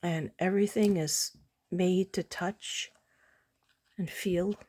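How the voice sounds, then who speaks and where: A woman artist, sounding tired, presents her pieces in a casual late-night vlog, speaking slowly in a lowish, darkish voice. Her intonation stays fairly even as she meanders, pausing often and using lots of fillers.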